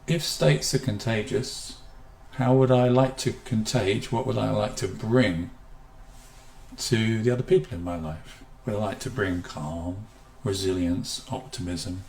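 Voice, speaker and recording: A man presenting a live online health seminar from a room at home. He slows and softens his voice to show how calm speech feels. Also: lowish voice, roomy sound. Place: room at home with a guitar behind.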